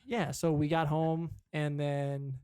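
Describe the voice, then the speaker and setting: A man's voice: a little high, little pitch movement, slow pace, a little mellow, clear, resonant tone, no room sound, studio quality. A young man co-hosting a podcast, chatting casually and telling a rambling, profane story about his dad. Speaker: podcast co-host. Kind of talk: casual chat.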